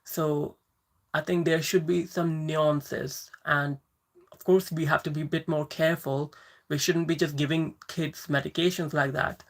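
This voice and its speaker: A woman's voice: sits low, flat delivery, measured pace. A woman hosting a casual livestream Q&A, answering viewer questions thoughtfully and often searching for words and restarting.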